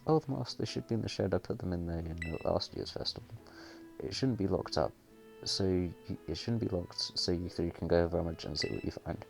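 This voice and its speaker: A man's voice: sits low, a little fast, creaky, soft background music. A man reading aloud the lines of a kindly old grandmother from a game, in a plain voice. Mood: helpful.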